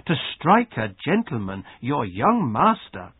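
A stern maid scolding a child, as a man reading aloud puts her on. She lectures in a husky, somewhat raised voice. The sound is dry and phone-thin. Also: medium pitch, huge pitch swings, slow, dry recording, narrow, tinny audio, heavily acted.

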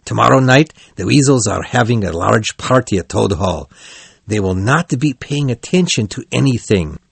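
A man's voice: on the low side, expressive, normal speed, dry recording, heavily acted. Serious old badger, as a guy reading the story puts him on, firm and dry-sounding. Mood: planning. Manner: gruff scolding then kind.

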